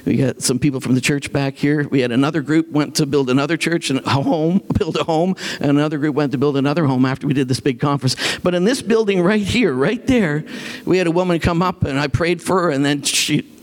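A man preaching a sermon, telling stories in an animated way and acting out the voices of the people in them. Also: fairly high pitch, brisk. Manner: animated, acts out quoted voices, laughs often. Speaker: pastor. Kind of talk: sermon with storytelling.

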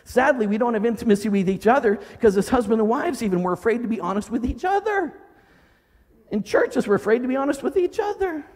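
A male pastor preaching a sermon in a church hall, dramatic, swinging from loud cries to low murmurs. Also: lively intonation, quick pace.

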